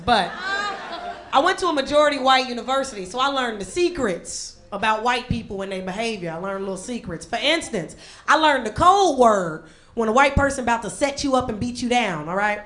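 On a club stage, a young Chicago woman performs a sassy, animated stand-up set, talking a little fast. She slips into high quoted voices for the people in her jokes.

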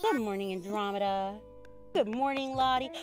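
A woman streaming a video game, chatting casually in an excitable, rambling way with frequent restarts. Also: medium pitch, normal speed, soft background music. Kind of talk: casual game livestream chat.

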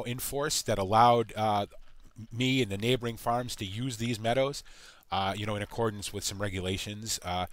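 An American man giving rambling let's-play commentary, halting and full of fillers. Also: medium pitch, a bit bright, no room sound. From United States. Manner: halting, full of uh and you know. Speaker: gaming channel host.

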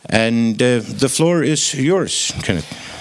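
A man moderating a conference, introducing the next speaker in plain, slightly halting English. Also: medium pitch, animated.

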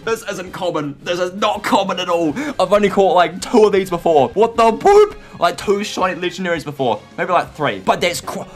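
A man commenting on his own gameplay in a frantic, excitable way, often shouting and squealing. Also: high-pitched, a little fast, hardly any pauses. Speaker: gaming YouTuber. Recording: light background music.

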